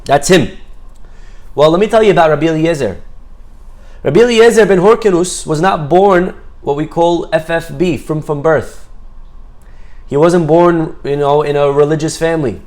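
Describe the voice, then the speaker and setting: A man's voice: fairly high pitch, moderate pace. A man teaching a Torah class, telling a story with Hebrew phrases mixed in and acting out the characters' voices. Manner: lively storyteller, acts out quoted voices.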